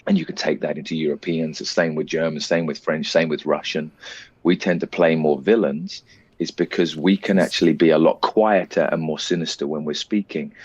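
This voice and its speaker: A British actor talking as an interview guest, explaining his craft at length in a relaxed, reflective way. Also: low voice, slightly rough, no echo, muffled recording. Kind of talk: casual interview chat.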